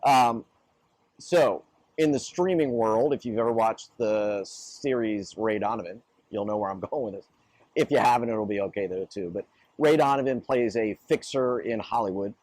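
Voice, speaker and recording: A man hosting a casual business podcast, telling a story in a relaxed, conversational way. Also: mid-range voice, moderate pace, no echo. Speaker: podcast host. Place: studio in an office building.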